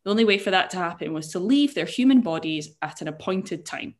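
A young woman on a chat show walks her friend through a strange story. Her voice sits low for a woman, and she jokes, swears and laughs as she goes, often tripping over words and starting them again. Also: lively intonation, fairly quick. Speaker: podcast co-host. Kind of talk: casual chat, explaining a story.

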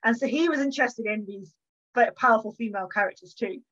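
A woman historian speaks from her home with a fairly high voice, animated and chatty as she tells stories. She acts out the little exchanges she describes. The audio is dull and lo-fi. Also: fast. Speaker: historian guest. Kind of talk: conversational interview. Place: home, bookshelf behind her.

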